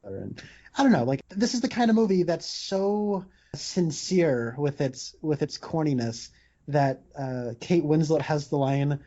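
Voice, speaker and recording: On a dull, lo-fi podcast recording, a male host chats about movies in a rambling, casual way full of fillers and restarts. His fairly high voice is dark in tone, animated and unhurried.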